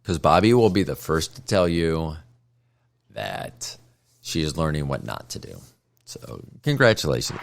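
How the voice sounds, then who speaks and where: A man's voice: very deep voice, a little slow, gravelly, slight background noise. A man hosting a casual solo podcast, talking in a blunt, sardonic way as he tells stories about his life. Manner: blunt, sardonic, lively storytelling. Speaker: podcast host.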